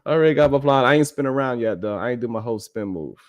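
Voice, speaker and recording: A man's voice: mid-range voice, lively intonation, rapid-fire. A man, hosting a live stream in a blunt, profane, emphatic casual monologue that keeps checking in with "you know what I'm saying". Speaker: live-stream show host.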